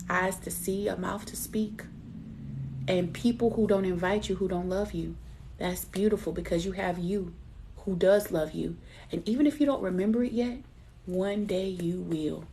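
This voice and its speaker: A woman's voice: on the low side, creaky, dark tone, a little hiss or hum. A middle-aged woman giving a live spiritual reading in a personal, chatty way. She laughs at herself and calls her listeners baby. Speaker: intuitive card reader.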